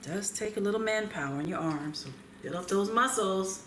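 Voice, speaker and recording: A woman hosting a cooking show, speaking gently and without hurry while she prepares food in a kitchen. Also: medium pitch, reverberant, slight background noise. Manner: gentle, unhurried, talks while working. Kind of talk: cooking demonstration with calm chat. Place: home kitchen.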